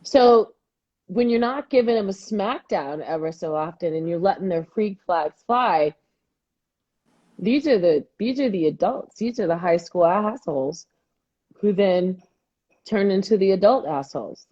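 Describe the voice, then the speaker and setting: Husky mellow woman co-host, casual chat, acts out what everyone said, kinda muffled lo-fi sound. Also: medium pitch, a little slow. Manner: animated storytelling, acting out quoted dialogue. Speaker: podcast co-host. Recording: dull lo-fi audio.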